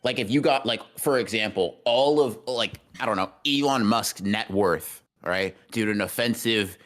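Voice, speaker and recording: Young guy cohosting a stream podcast, lowish voice, teasing, yelps up high sometimes. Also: moderate pace. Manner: teasing, jumps to shouted high bursts. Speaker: podcast co-host. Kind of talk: casual livestream podcast chat.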